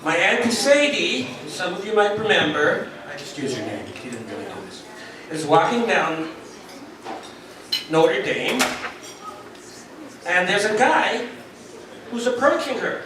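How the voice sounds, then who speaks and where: High-voiced man telling jokes in a hall. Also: big pitch swings, unhurried, pauses often, background noise. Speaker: reunion speaker telling jokes. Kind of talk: joke telling to an audience. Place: large echoey hall at a reunion. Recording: echoey hall, distant mic, crowd.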